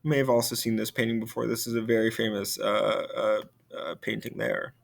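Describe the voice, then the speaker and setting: A young adult man, a French teacher, giving a recorded video lesson in a relaxed way with many fillers and restarts. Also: fairly low pitch, a little fast, creaky.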